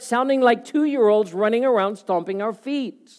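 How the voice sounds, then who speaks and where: A man preaching a sermon, moving between loud, urgent passages and soft, hushed ones. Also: very high-pitched, moderate pace, few pauses. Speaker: pastor.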